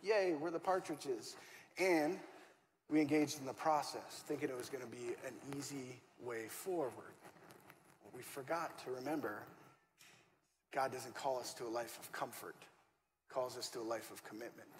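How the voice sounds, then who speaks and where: This male pastor speaks at normal speed in a mid-range voice, preaching a story-driven, conversational sermon and performing the lines he quotes. The recording carries church hall reverb and faint room noise from the auditorium.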